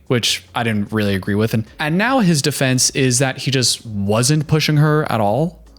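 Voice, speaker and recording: A young man's medium-pitched, slightly bright voice carries lively intonation at normal speed as he recaps a TV show for a reaction video. The commentary is opinionated, heated, and sarcastic, with mocking imitations of quoted voices.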